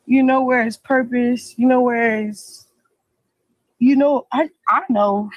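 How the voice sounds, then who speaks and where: Woman, rambling emphatic livestream talk, high voice, close dry sound. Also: steady tone, slow pace, no echo, muffled recording. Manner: rambling, emphatic, repeats herself. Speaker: interviewee in a played clip.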